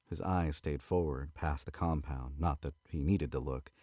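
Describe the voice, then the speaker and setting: Australian man, very low voice, casual book reading, close dry sound, fixes his slips as he goes. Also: normal speed, no room sound. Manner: relaxed, stops to correct misread words. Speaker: narrator reading a novel aloud. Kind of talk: casual read-aloud narration.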